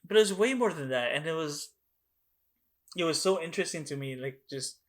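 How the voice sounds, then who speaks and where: A young man co-hosting a podcast over a video call, telling stories excitedly and swearing often. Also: on the high side, a little fast. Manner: excitable, swears a lot, animated storytelling. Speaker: podcast co-host. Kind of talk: casual chat.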